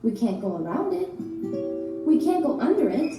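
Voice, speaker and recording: Playful high-voiced woman leading a children's chant. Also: sing-song, moderate pace. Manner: playful, half-sung call-and-response. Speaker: children's librarian. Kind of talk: interactive action chant for children. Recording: echoey room from far off, guitar music.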